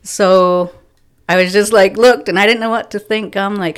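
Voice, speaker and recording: A woman telling stories in a casual podcast chat, animated, acting out the dialogue of the people in it and laughing often. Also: medium pitch, moderate pace, smooth. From from a First Nations reserve community. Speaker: guest, community outreach organizer.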